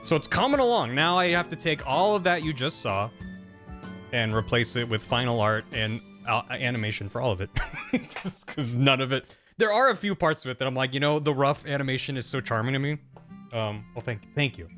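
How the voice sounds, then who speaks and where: A man streaming and narrating a comedic recap in an animated, rambling, self-mocking way. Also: medium pitch, normal speed, soft background music.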